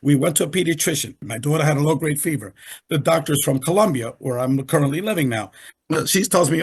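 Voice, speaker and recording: Older guy on a video call, gravelly husky voice, talks fast and emphatic, keeps repeating himself. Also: on the high side. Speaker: interview guest. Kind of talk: animated storytelling in conversation.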